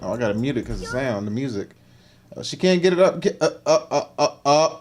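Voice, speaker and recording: A man hosting a livestream, giving teasing, animated reaction commentary on videos and repeating slang tags. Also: mid-range voice, a little fast, faint music behind. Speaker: livestream host.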